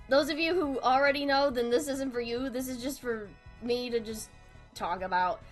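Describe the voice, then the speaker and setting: A woman's voice: high voice, unhurried, faint music behind. A young woman chatting casually on a live stream while drawing, swearing freely and laughing through her sentences. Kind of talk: casual livestream chat.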